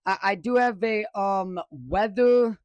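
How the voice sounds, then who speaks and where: A man's voice: high voice, takes it slowly, no room sound, lo-fi sound. A man from the casually commenting on a live weather stream from his home studio, rambling and correcting himself as he goes. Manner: rambling, self-correcting, excitable. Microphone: desk microphone, close.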